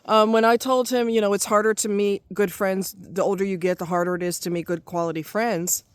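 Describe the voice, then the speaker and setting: Middle-aged female vlogger, furious and foul-mouthed, repeats her points; mid pitch, dry recording. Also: fairly even intonation, fairly quick, clean tone, no room sound. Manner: heated, profane, repetitive ranting. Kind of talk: angry vlog rant.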